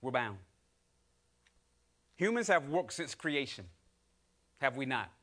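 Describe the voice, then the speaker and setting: Bright-voiced man preaching with rising fervor. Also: medium pitch, very animated, takes it slowly. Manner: call-and-response preaching, rising to loud exhortation; acts out grumbling voices in quoted asides. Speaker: lay preacher. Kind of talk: sermon.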